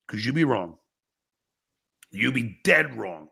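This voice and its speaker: Brief: male podcast host, furious profane livestream rant, gravelly, bright edge, voice swings wide. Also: medium pitch, lively intonation, slow pace. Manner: angry, profane, bursts into shouting; reads viewer chats aloud with mocking replies. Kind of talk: livestream rant at chat commenters.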